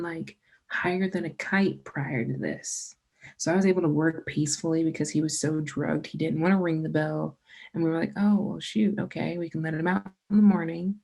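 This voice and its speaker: A young woman on a podcast as a guest, chatting casually and telling animated stories full of swearing. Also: low-pitched, vocal fry. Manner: animated, profane storyteller. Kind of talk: casual chat.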